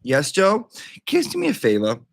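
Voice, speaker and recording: A man's voice: a little high, wildly swooping pitch, normal speed, creaky, no echo. A man hosting a casual livestream, chatty and profane, breaking off to talk to his dog. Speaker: livestream host.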